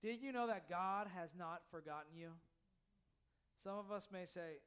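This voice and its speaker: A man's voice: high-pitched, normal speed, fairly bright tone, clean tone. A man preaching a sermon in church, earnest and full of repetition. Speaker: pastor.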